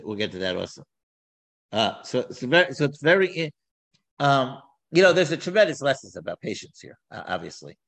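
A man teaching a scripture class, talking in an animated way with many repeats and restarts. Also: medium pitch, gravelly, low-quality recording. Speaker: Torah teacher.

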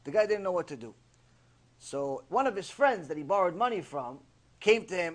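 This mussar lecture on Torah ethics comes from a man whose voice sits on the high side and moves a little fast. Telling jokes and playing out characters, he teaches with a lively storyteller's flair.

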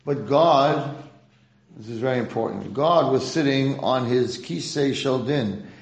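A man's voice: medium pitch, measured pace, gravelly, echoey room, rough recording. A man teaching a religious lesson to a class, posing rhetorical questions and mixing in Hebrew terms. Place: room with a class present.

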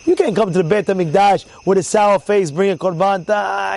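High-voiced animated rabbi. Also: male voice, moderate pace, vocal fry, rough recording. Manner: animated storyteller, repeats words, acts out quotes loudly. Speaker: rabbi teaching a Torah class. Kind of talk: informal Torah class to a live group.

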